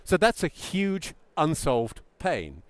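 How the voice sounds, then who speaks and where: A middle-aged man giving a presentation to founders as a pitch coach, emphatic and lively, sometimes acting out what a founder might say. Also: takes it slowly, dry recording. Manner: animated, emphatic, acts out mock founder quotes.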